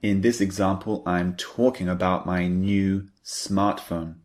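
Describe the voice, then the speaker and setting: A man's voice: deep voice, level tone, slow pace, a little mellow. A man teaching an English lesson, patiently explaining phrases and repeating example sentences with emphasis.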